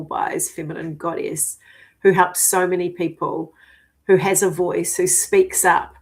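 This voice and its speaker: Swearing, emphatic woman in her fifties. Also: lowish voice. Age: 50s. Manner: profane and emphatic, swings between declaring and hushed whispers. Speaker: spiritual coach. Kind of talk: spiritual vlog monologue.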